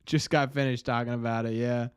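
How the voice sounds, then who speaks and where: A young man hosts a live stream of casual game commentary, reading the chat and talking with viewers in rambling, exasperated bursts full of restarts. His mid-range voice is clean, recorded dry with studio quality.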